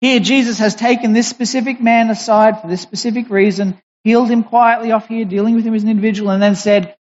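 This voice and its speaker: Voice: medium pitch, fairly even intonation, darkish tone. Preacher in an echoing hall. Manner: deliberate, emphatic, with pauses and restarts. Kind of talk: sermon. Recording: dull recording in a reverberant hall.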